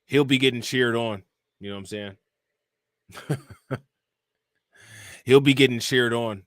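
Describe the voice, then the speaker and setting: A man's voice: medium pitch, measured pace, fairly bright tone, dry recording. Dry-sounding man hosting a live stream. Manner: loose and conversational, keeps asking "you know what I'm saying?"; reads charges and reports aloud, then reacts and questions viewers. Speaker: live-stream crime show host. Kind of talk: casual live-stream commentary reading news and chat.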